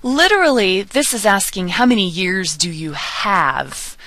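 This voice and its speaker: A woman teaching a beginner Spanish lesson, drilling sounds slowly and pausing for learners to repeat. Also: mid-range voice, animated, a bit bright, no echo. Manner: slow, patient drilling with pauses for repetition. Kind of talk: recorded online lesson.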